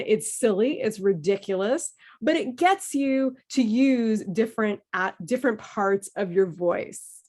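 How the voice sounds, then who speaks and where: A woman leading an online voice workshop over a video call, playful and encouraging. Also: medium pitch. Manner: playful, encouraging, demonstrates emotions with her voice. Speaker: workshop leader.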